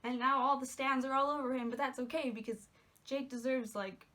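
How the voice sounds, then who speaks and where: A woman's voice: high-pitched, steady tone, brisk, bright, forceful tone. A young woman chatting casually in a movie review, gushing and giggly, rambling with lots of "like"s. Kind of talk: casual spoiler review chat.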